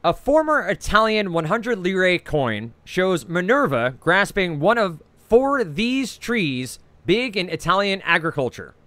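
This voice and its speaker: Animated Jersey-accented trivia host. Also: male voice, high voice, dry recording. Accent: New Jersey. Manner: reads each clue twice, brisk and chatty, with frequent "uh". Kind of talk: reading trivia clues and scoring.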